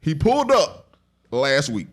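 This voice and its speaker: A middle-aged man, a father, co-hosting a comedy podcast, telling stories with deadpan jokes and slang. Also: a little high, unhurried. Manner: deadpan joking, slangy, says "you know what I'm saying". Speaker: podcast co-host. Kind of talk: casual comedic banter and storytelling.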